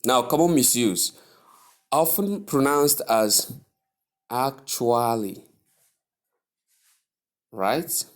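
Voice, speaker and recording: A man giving a pronunciation lesson in a lower voice. He talks at an unhurried pace and sounds out each word slowly, stressing the syllables and repeating them. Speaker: English pronunciation teacher. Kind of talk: slow, deliberate pronunciation lesson.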